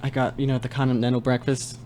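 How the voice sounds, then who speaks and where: A man's voice: mid-range voice, completely flat delivery, quick pace, a little mellow, pitched below the performer's own voice, close to an everyday voice. A man playing a hungry, fussy traveler stranded in the desert, in an improv scene. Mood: sheepish. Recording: faint background noise.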